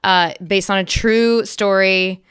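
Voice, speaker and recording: A woman's voice: medium pitch, fairly even intonation, takes it slowly, fairly bright tone, clear, resonant tone. A woman actress talking as an interview guest in casual, enthusiastic, emphatic chat. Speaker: guest actress and accent coach.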